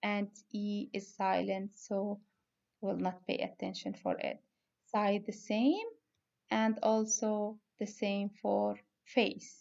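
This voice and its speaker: A woman's voice: mid-range voice, expressive, vocal fry, darkish tone, muffled recording. A woman teacher giving a phonics lesson to young students, spelling out letters and sounds step by step. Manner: slow, deliberate, spells out letters.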